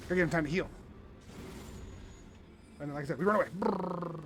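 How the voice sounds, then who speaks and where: A man giving playful, excited commentary while playing a video game with his son, exclaiming often. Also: a little high, fairly quick, loud music behind the voice. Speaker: gaming video host.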